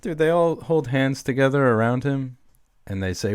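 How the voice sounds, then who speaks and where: A man's voice: medium pitch, animated, normal speed, smooth, no echo, clean studio sound. A man co-hosting a podcast in casual chat, easygoing and joking, and often calling people dude. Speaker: podcast co-host.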